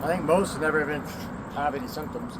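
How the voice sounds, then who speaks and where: Talking fast in a fairly high voice over a very noisy recording, a Southwestern American man aged 40 or more vlogs about his life. He's candid and rambling, curses, laughs a lot and speaks in short bursts.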